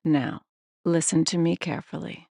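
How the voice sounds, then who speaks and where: Woman doing a creepy older guy on the phone, gravelly, low and slow, dry mic. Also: dark tone, no room sound. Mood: ominous. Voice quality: deep, gravelly. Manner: slow, ominous, controlled. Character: mysterious older male phone caller, menacing.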